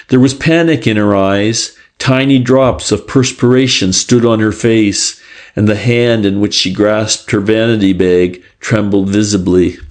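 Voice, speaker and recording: Even and measured, a man tells the story of an audiobook from a script, his voice leaning low.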